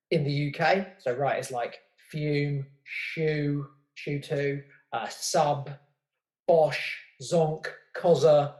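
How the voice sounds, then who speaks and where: A man from England, a fairly high voice, tells stories as a podcast guest. He rambles, full of asides and animated turns, and the room rings around him. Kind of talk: casual conversational storytelling. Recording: roomy echo.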